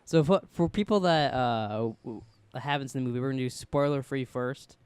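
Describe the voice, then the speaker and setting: A man's voice: mid-range voice, darkish tone, clear, resonant tone, no echo. A man co-hosting a podcast in casual chat, rambling and swearing with many restarts. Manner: fast rambling, profane banter with restarts. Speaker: podcast co-host.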